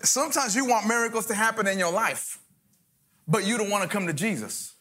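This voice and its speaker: A man's voice: high voice, brisk, sharp tone, slight background noise. A man, a guest pastor, mixing joking asides with fervent preaching in a church sermon.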